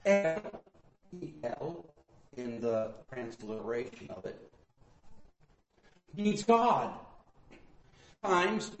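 A male pastor teaching from the Bible in a sermon, swinging between loud emphatic bursts and quiet asides. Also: sits high. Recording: echoey room.

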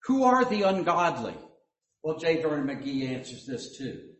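Slow-preaching man in an echoey hall. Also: on the high side, sing-song, a bit bright. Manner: slow, deliberate preaching with joking asides. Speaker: pastor. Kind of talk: sermon. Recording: echoey hall, mic at a distance.

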